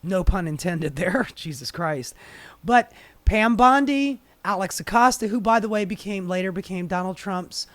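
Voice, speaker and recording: Host, hoarse and breathy, sarcastic and profane rant, close-miked in a dry room, mid-pitched voice. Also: expressive, moderate pace, fairly bright tone, no room sound. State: hoarse, airy and breathy from a strained voice. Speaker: political commentary host. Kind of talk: ranting political commentary. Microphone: leaning close into a microphone.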